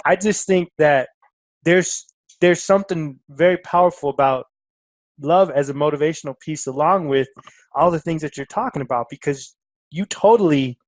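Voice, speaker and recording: A man's voice: on the high side, moderate pace, dry recording. A man hosting a podcast interview, speaking in an enthusiastic, informal way. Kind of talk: casual interview talk.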